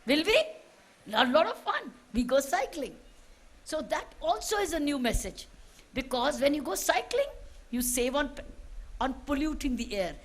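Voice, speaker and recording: A high-voiced woman with an Indian English accent delivers a public speech to students. She exhorts them, repeating points and firing rhetorical questions back at her listeners. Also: very animated, moderate pace. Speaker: official addressing students.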